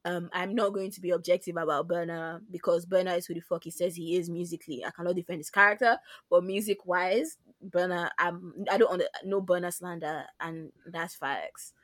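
A woman's voice: fairly low pitch, fairly even intonation, fairly quick, hardly any pauses, no echo. A woman co-hosting a podcast in casual chat, playful and teasing. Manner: playful, teasing, bursts of loud laughter. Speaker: podcast co-host.

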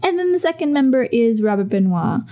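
A young woman co-hosting a casual history chat, rambling and jokey, her pitch jumping up for punchlines. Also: big pitch swings, brisk, dark tone, faint music behind. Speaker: podcast co-host.

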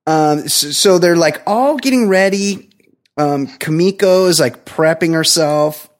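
A man's voice: on the high side, a little slow. Crude joking man recapping a movie. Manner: crude, joking, animated retelling with quoted voices. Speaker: podcast co-host. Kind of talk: casual movie recap chat.

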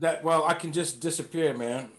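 A comedian guest chatting playfully over a video call, rambling and laughing often. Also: male voice, a little high, moderate pace, fairly bright tone. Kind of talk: casual comedic chat.

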